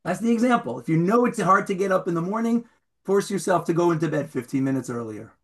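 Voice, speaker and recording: A man teaching a Torah class as rabbi, informal and animated, acting out stories and raising his voice for the punchlines. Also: sits high, fast talker. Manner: animated storyteller, shouts when acting out scenes.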